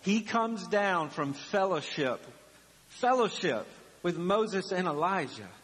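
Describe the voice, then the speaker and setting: A man with a high voice preaches a sermon in a slow, deliberate rhythm. He delivers it dramatically, acting out the voices of the story. His words ring with the long reverb of a church hall. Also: fairly bright tone. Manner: dramatic, acts out the biblical voices. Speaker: pastor. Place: church sanctuary.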